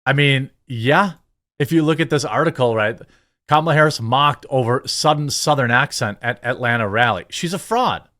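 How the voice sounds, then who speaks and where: A man's voice: medium pitch, moderate pace, bright, forceful tone. A middle-aged man hosting a political commentary channel, ranting in an indignant, sarcastic and emphatic way.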